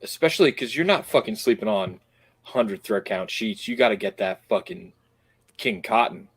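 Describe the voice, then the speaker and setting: A man's voice: on the low side, lively intonation, normal speed, husky, no room sound. A man co-hosting a comedy podcast, crude and teasing, often laughing. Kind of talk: casual comedic chat. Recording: loud background noise.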